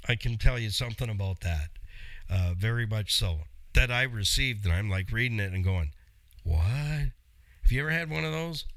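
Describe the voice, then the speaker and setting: A man's voice: mid-range voice, no room sound. A man who works as a car mechanic and hosts his own channel, talking casually to viewers with frequent jokes and laughs. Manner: chatty, jokey asides, laughs often. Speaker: auto mechanic and channel host. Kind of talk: casual talk to camera.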